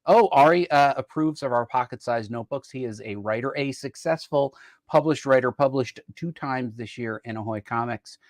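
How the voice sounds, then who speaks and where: Male show host, playful and chatty, dry close mic, mid-pitched voice. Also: normal speed, no echo. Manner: upbeat, playful, frequent fillers. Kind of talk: casual chat about gifts.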